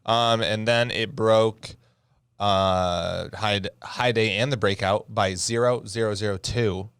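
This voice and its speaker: A young man co-hosting a trading recap show, cracking deadpan jokes and then walking through his trades step by step. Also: lowish voice, takes it slowly, clean tone, no echo, clean studio sound. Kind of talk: casual chat walking through stock trades.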